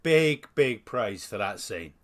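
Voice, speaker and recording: Ranting British podcast co-host. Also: male voice, lowish voice, takes it slowly. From United Kingdom. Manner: animated, ranting, swears freely. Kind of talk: casual chat.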